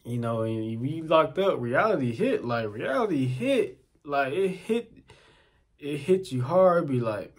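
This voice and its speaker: A man's voice: on the high side, measured pace. A young man telling a personal story in casual, slangy talk, often repeating his phrases. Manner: animated, slangy, repeats himself.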